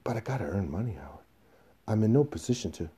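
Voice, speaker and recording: A man reading the part of an aging, desperate salesman pleading with his boss, in a husky voice. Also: on the low side, very animated, quick pace, voice pushed up, heavily acted. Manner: pleading, emotional, rising to shouts.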